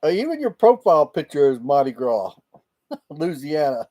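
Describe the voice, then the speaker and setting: A man's voice: on the high side, big pitch swings, moderate pace, warm tone. A man chatting casually on a livestream, rambling and laughing often. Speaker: livestream host. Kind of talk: casual live chat with viewers. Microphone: laptop microphone.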